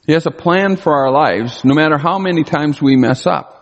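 A man preaching a sermon, reading Bible verses aloud and slowing down to stress key words. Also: on the high side, highs cut off. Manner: reads scripture aloud and explains it, slows down to stress key words. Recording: long hall reverb.

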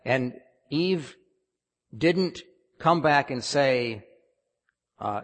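A man's voice: mid-range voice, expressive, drawn-out words. A man preaching a sermon, emphatic and often questioning the congregation. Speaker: pastor. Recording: long hall reverb.

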